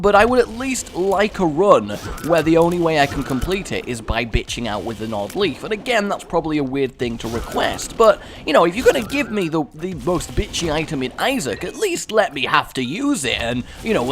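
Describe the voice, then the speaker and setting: A young English man giving chatty, sarcastic let's-play commentary, rambling into asides and breaking into excited yelps. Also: fairly high pitch. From England. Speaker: gaming YouTuber.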